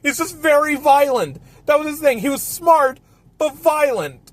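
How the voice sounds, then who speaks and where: Man, high voice, ranting film review host, swears a lot, casual chat. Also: expressive, moderate pace.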